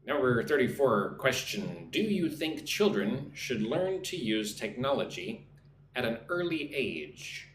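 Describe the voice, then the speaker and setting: A man's voice: mid-range voice, very animated, unhurried. A male English teacher on a live stream, reading viewers' chat messages and modelling exam answers with pronunciation drills. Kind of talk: live-streamed speaking lesson. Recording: roomy echo, faint background noise.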